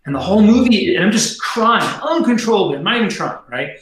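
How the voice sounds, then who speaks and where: Middle-aged male guest, bright, slightly high voice, laid-back slangy storyteller, echoey room. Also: expressive, fast, few pauses. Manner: slangy, heavy on fillers and "dude". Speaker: podcast guest. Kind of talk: casual storytelling.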